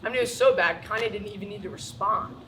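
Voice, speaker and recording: A young American man doing a stand-up comedy set, telling stories with animated, panicky acted-out moments. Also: high-pitched, fast talker, a little hiss or hum. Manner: animated storytelling, acts out panic. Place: school auditorium with live audience.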